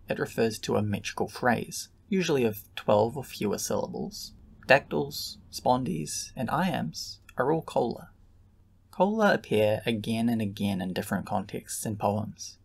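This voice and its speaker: Male narrator for a lesson video, gravelly and a bit husky, steady and explanatory. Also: medium pitch. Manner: calm, measured explanation. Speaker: lecturer.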